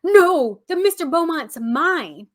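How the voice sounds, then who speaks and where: A woman voicing an excitable, childlike grown man from a sitcom, eager and blurting. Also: very high voice, slow, pitched above the performer's own voice, full character voice. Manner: eager, blurting, wide-eyed.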